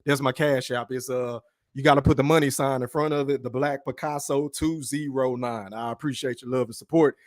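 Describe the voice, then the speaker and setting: A man's voice: mid-range voice, steady tone, brisk, dry recording, clean studio sound. A man hosting his own podcast livestream, talking in a blunt, profane casual rant from his room and tagging his points with "right?". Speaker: podcast host.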